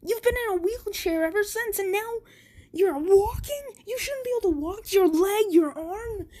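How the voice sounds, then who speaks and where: A woman voicing a brash teenage boy bully, shrieking rapid-fire questions in disbelief. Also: extremely high pitch, sing-song, a little mellow, pitched above the performer's own voice. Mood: shocked.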